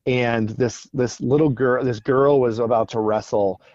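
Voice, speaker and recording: A man appears as a guest in a casual podcast interview, telling stories earnestly and often repeating words. His medium-pitched voice is steady, a little slow and a little mellow, captured on a dry, dull lo-fi recording.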